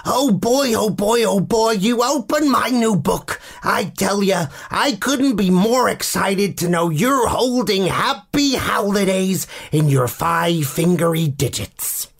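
A man voicing an eager male pet dog with a put-on American accent for a storybook, high and slow, a little off-mic. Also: animated, gravelly, breathy edge, heavily acted. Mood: excited. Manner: eager, bouncy, repeating himself.

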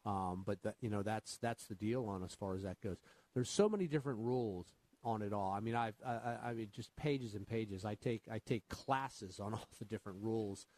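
A man's voice: lowish voice, fairly quick, a little mellow, no room sound. A man co-hosting a finance radio show as an advisor, patiently explaining retirement rules while quizzing his co-host. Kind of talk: radio call-in finance chat.

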